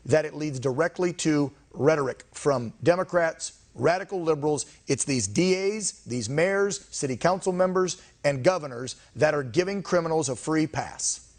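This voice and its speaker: A man's voice: on the high side, expressive, normal speed. A man hosting a TV news interview, chatty with sarcastic asides. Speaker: TV news host.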